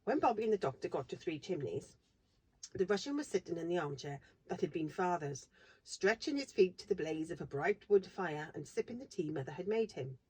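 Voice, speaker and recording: A woman reading a classic children's novel aloud in a steady, expressive narration. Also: on the low side, fairly quick, slightly rough. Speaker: reader. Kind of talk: storybook read-aloud narration.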